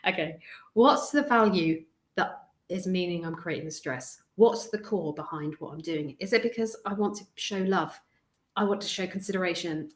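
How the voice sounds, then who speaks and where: A woman, a stress coach giving a live video talk to an online group from her home, chatty and prone to digressing and interrupting herself. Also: medium pitch. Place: home room indoors, windows rattling in a storm. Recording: echoey room.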